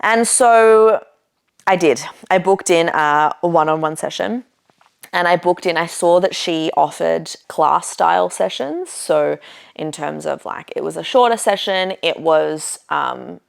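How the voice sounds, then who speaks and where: A woman's voice: on the low side, measured pace, vocal fry, smooth. A woman podcast host casually telling a personal story, chatty, with lots of "like" and "you know" and the odd swear.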